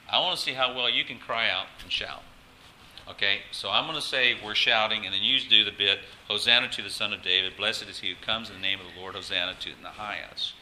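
Bright-voiced man preaching to a congregation. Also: lowish voice, fairly quick, poor audio. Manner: animated, coaxing the congregation to join in. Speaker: pastor. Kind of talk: sermon. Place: church service with congregation.

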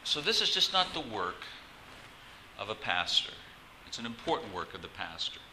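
Brief: male pastor, chatty sermon delivery, lowish voice, sharp and forceful tone. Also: big pitch swings, normal speed, slight background noise, rough recording. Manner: conversational, asks the congregation questions, frequent restarts.

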